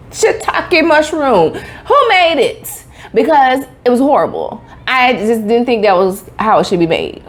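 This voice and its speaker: A woman from Tampa, telling a sassy, emphatic story with sound effects in a casual vlog chat. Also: a little high. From Tampa, Florida. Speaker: vlogger.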